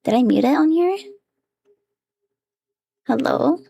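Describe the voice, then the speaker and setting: Woman, VTuber streamer, giggly, flustered, very high voice, lively ups and downs. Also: slow, gravelly. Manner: giggly and flustered, squeals often; talks to herself while fixing her setup. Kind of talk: casual live-stream chat.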